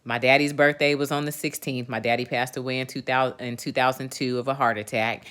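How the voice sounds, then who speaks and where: A woman's voice: extremely low pitch, little pitch movement, fairly quick, fairly bright tone, clear, resonant tone. A woman in her forties hosts a casual livestream and vents to her viewers. She is candid and emphatic, swears freely, and keeps checking in with the chat as she talks. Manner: talks straight to viewers, often asks "you know what I'm saying". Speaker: livestream host.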